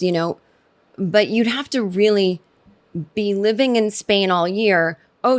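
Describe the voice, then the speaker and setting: A woman's voice: medium pitch, fairly bright tone. A middle-aged woman hosting a solo comedy podcast, talking in a sardonic, rambling way that keeps interrupting itself. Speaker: podcast host.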